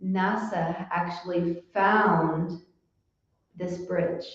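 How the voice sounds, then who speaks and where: Chatty woman lecturer, low voice, distant and muffled, big echo. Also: fairly even intonation, drawn-out words. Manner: chatty, lots of fillers, storytelling. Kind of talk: casual devotional lecture. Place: temple hall. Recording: echoey hall, distant mic, dull sound.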